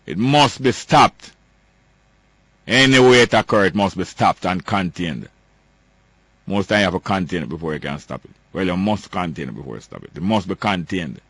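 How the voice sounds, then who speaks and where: Emphatic Jamaican man with a low voice. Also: lively intonation, a little fast, fairly bright tone, husky, no room sound. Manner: emphatic, repetitive, ranting. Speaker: talk show host. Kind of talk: political commentary.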